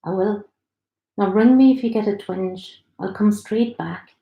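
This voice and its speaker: A woman voicing a gentle, caring young man from Derry who speaks softly and calmly, recorded in a room with some echo. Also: medium pitch, measured pace, gravelly. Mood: kind. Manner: soft, calm, reassuring. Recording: roomy echo.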